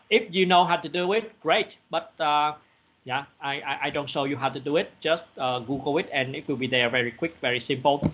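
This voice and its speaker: A man teaching a programming class over a video call, talking haltingly with many fillers. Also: on the high side. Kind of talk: online programming class lecture. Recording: muffled lo-fi video call audio.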